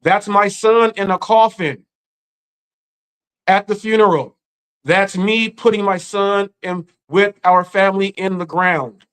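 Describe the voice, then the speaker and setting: A man with a fairly high voice, grieving as he talks on a live stream. His delivery is earnest and halting, full of restarts and repeated words, as in an unscripted emotional talk. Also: fairly even intonation, a bit bright, clean tone, rough recording. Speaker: live-stream commentary host.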